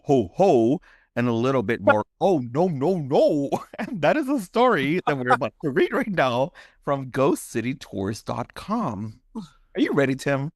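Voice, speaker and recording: With big swings in pitch at a moderate pace, this medium-pitched man co-hosts a horror podcast. He laughs often and says "like" a lot in casual talk, and also narrates ghost stories dramatically, all in clean, echo-free studio sound.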